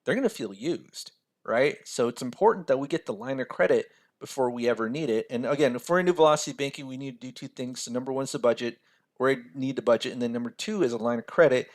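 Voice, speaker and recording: A man's voice: mid-range voice, quick pace. A man teaching a personal finance lesson over a screen share. He talks casually, keeps checking in with "right?" and laughs at himself now and then. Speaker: financial mentor.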